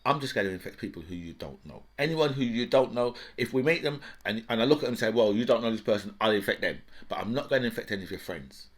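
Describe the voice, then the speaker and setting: A man voicing the coronavirus as a sly, choosy schemer, speaking low and hushed. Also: lively intonation, fast talker, few pauses, close to an everyday voice.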